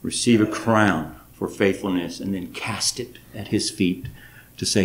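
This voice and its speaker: A pastor, preaching a sermon and telling a personal story with emotion. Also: male voice, sits low, a little slow. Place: church sanctuary.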